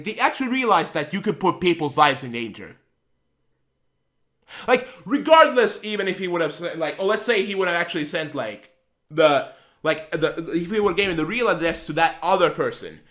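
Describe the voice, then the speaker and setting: A man's voice: sits high, big pitch swings, brisk, a bit bright. A man on his channel ranting heatedly, swearing and repeating himself as he vents. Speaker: channel host. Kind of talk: angry vlog rant.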